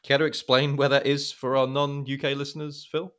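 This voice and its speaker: A man's voice: medium pitch, flat delivery, a little fast, fairly bright tone. A man hosting a film podcast, chatting casually and animatedly, swearing freely and poking fun at himself. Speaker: podcast host.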